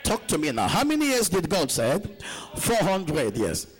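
A man preaching a sermon at a church conference, urging the congregation to answer him back and reading scripture slowly and deliberately. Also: on the high side, wildly swooping pitch, slightly rough, poor audio. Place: church conference, captured live.

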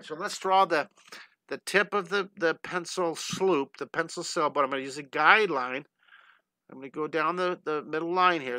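Male drawing teacher, bright and forceful voice, fairly high, upbeat and encouraging, dry close sound. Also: dry recording, low-quality recording. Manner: breaks into playful chants and sound effects. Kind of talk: live online drawing lesson.

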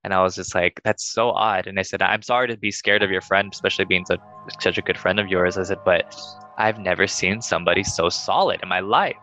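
Young male storyteller, casual and animated, lowish but bright tone. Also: a little fast, faint music behind. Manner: animated, acts out quoted voices in higher pitch. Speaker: group member telling a ghost story.

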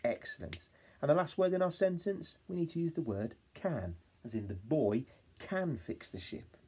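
A man with an English accent teaching a phonics lesson to young children, encouraging them and sounding out words slowly. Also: fairly high pitch, animated, dark tone, husky. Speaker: reception class teacher.

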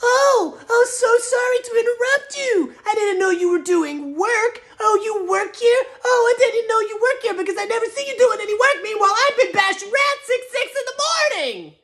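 A man voicing a sarcastic, put-upon young man in a screechy, very high voice. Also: expressive, normal speed, few pauses, a bit bright, heavily acted. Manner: mocking, sarcastic.

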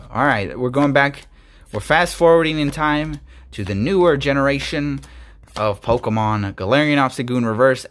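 A man talks his way through a card-opening video, excitable and prone to sudden loud bursts. His voice sits a little high and swoops widely in pitch, with a hoarse edge from shouting earlier. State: voice going hoarse. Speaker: YouTube host opening trading cards. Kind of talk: casual card-opening vlog.

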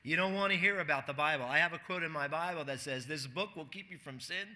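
A man with a notably high, very bright and forceful voice delivers a sermon in a church. He talks to the congregation casually, tosses questions out to the room, and slips into quoted voices to make his points. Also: fast. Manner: conversational preaching, asks the congregation questions, acts out quotes. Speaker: pastor.

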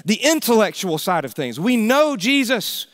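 A man preaching a sermon as pastor, swinging from loud emphatic calls to hushed near-whispers. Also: high-pitched, big pitch swings, normal speed.

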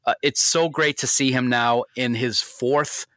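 A man's voice: mid-range voice, steady tone, measured pace, fairly bright tone, no echo. A man hosting a casual podcast discussion, talking with enthusiasm. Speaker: podcast host.

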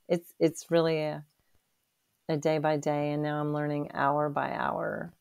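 A woman's voice: sits low, gravelly, darkish tone. A woman in her sixties telling her personal faith story as an interview guest, earnest and emotional, with frequent restarts. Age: 60s.

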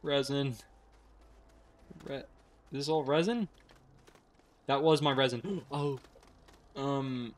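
Young male streamer, excitable play-by-play, slow easy delivery, faint hiss behind. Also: medium pitch. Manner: excitable, swears, thinks aloud. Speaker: gaming streamer. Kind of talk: live gameplay commentary.

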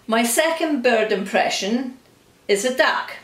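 A woman's voice: on the high side, expressive, unhurried, a bit bright, voice pushed up. A woman putting on a jovial older man who tells corny bird jokes, with a punchy joke-telling delivery. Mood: joking. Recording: roomy, from a distance.

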